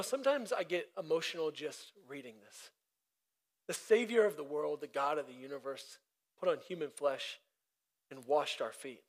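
Man, pastor, high voice, emphatic conversational sermon. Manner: emphatic and conversational, with repetition and side laughs.

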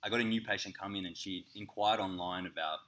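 An Australian man, an acupuncturist, telling a funny story in casual podcast chat, animated and laughing as he acts out the people in it. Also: low-pitched, quick pace. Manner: animated, laughing, swearing, acts out voices in anecdotes.

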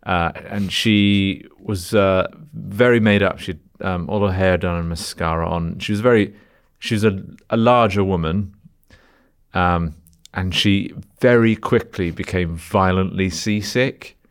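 Very deep-voiced man telling a story. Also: measured pace, clear, resonant tone. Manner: dry, self-mocking anecdote telling. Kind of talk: casual storytelling.

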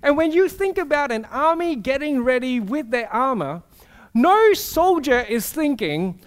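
A man preaching a sermon with animated storytelling, acting out voices. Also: very high voice, measured pace.

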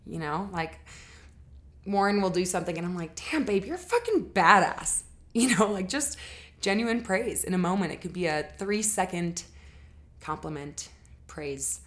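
A woman explains relationship habits in a casual spoken lesson. Her delivery is earnest and conversational. She often pauses on fillers and corrects herself mid-sentence. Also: lowish voice.

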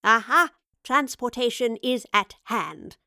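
A woman's voice: mid-range voice, animated, dry recording, studio quality, close to an everyday voice. Woman doing a gallant, theatrical professor. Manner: courtly, brisk, theatrical.

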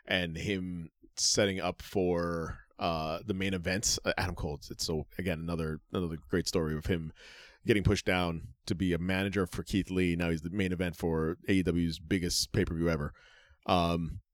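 A low-pitched man talking loosely on a podcast. He rambles and stalls on "uh" between thoughts and swears casually. The sound is close and dry. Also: level tone, moderate pace, no echo. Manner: rambling, full of "uh" fillers, profane. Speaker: podcast co-host. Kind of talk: casual chat.

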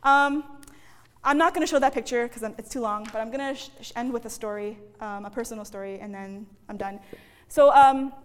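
High-voiced woman preaching in a hall. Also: a little fast, smooth. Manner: chatty, frequent "okay?" and "guys". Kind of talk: sermon with personal story.

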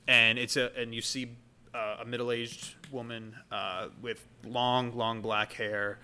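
A man's voice: mid-range voice, little pitch movement, slow pace, bright, forceful tone, a little hiss or hum. A man narrating as dungeon master in a loose, casual way with many fillers. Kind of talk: narrating a tabletop game.

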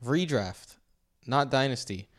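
A man's voice: mid-range voice, expressive, slow. A man chatting casually on a podcast, loose and joking, laughing easily.

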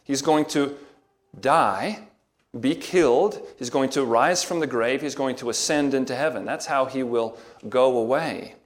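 A man preaching a sermon, reading scripture aloud, then explaining it in a measured, emphatic way with rhetorical questions. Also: medium pitch. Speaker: pastor.

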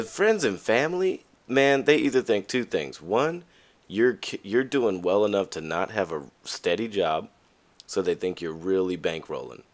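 A young man hosting a podcast, talking candidly in a casual monologue and acting out the voices of people he quotes. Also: low voice. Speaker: podcast host.

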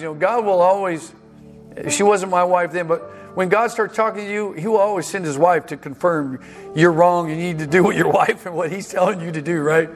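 A male pastor preaching a sermon, telling a self-deprecating story with halting restarts and acted-out dialogue. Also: high voice. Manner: halting restarts and repeated words.

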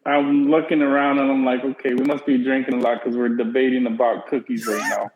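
A man's voice: medium pitch, little pitch movement, fairly quick, echoey room. A man chatting casually as a podcast co-host, dropping short jokey remarks. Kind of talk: casual chat. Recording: dull lo-fi sound with crowd noise.

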